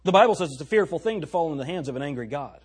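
A male preacher with a husky, somewhat high voice delivers a sermon. He is emphatic and folksy, slowing down to stress words and speaking straight to his listeners. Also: expressive. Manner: folksy, addresses the congregation directly.

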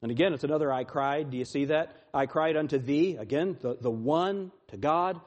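A man preaching a sermon in a slightly higher-pitched voice. He swings from loud, pleading lines to hushed, quiet ones, and slows right down to stress the key lines. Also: muffled recording. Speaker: pastor.

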